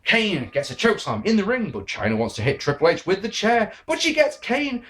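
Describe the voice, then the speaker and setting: A man reviewing wrestling matches in a casual, sarcastic and sweary monologue, often jumping into mock excitement. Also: sits high, a little fast, hardly any pauses.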